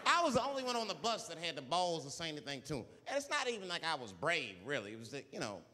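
A man performing stand-up comedy on a theater stage, telling a story in an animated way and acting out the voices of the people in it. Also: on the high side, quick pace. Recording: live theater with long reverb and audience noise. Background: audience laughter.

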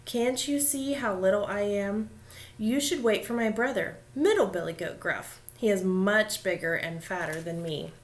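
A woman voicing a small, timid young billy goat with a high piping voice in a storybook reading. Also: moderate pace, lightly acted. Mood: polite. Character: little young male billy goat, timid but clever.

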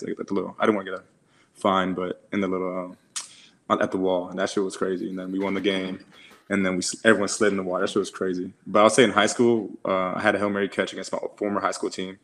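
A young man in his twenties with a lowish voice co-hosts a casual podcast. He rattles through stories quickly in a flat tone, slangy and profane, leaning on "like" constantly. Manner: slangy, profane storytelling with many "like"s. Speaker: podcast co-host. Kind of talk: casual chat.

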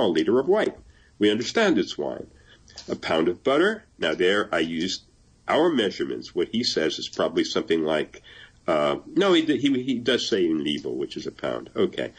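An older man speaks in a low, husky voice, weighing each word as he explains his choices. He reads passages aloud and breaks into easy laughter now and then. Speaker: translator and guest. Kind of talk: conversational interview.

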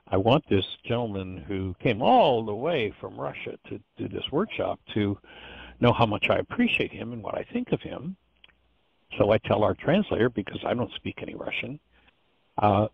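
A man with a low, gravelly, husky voice teaches an informal course in an earnest, rambling way, often stumbling and restarting as he talks. The sound is dull and lo-fi, like call audio, and very dry. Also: dry recording.

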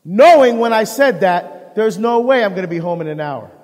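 A deacon giving a live talk on marriage to an audience, telling animated stories and acting out the dialogue. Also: male voice, high-pitched, normal speed. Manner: animated storyteller who acts out dialogue. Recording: long hall reverb.

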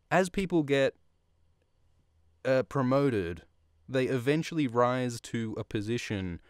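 Low, smooth-voiced man casually recapping. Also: no echo, clean studio sound. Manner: rambling, profane, chuckling asides. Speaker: podcast host.

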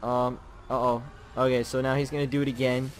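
A young man playing a video game and commenting as he plays, muttering pep talks to himself and repeating words in quick bursts. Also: medium pitch, flat delivery, a little hiss or hum. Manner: swings from muttered self-coaching to yelling in frustration. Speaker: gaming channel host. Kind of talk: live gameplay commentary.

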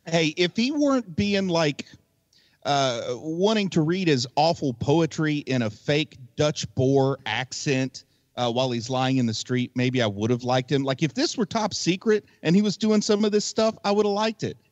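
A man's voice: on the high side, moderate pace, no room sound. A man co-hosting a podcast, casually picking apart a movie with rambling, critical remarks. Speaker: podcast co-host. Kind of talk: casual movie review chat.

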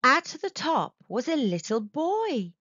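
Slow, sing-song woman reading to kids. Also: sits high, sing-song, pushed and bright, dry recording, highs cut off. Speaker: children's story reader. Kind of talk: storybook read-aloud.

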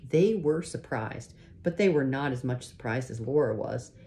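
A woman reading a children's chapter book aloud in a gentle, unhurried way, pausing to show the pictures. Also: rumbling low, expressive, a little hiss or hum. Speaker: reader.

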